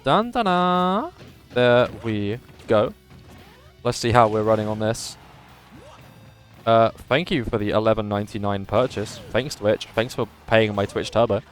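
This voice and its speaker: A man commentating a live video game tournament and chatting with viewers in a lively commentator voice that he says is a little strained today. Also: on the low side, a little slow, soft background music. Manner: animated commentator voice, says his voice is going. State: slightly strained voice.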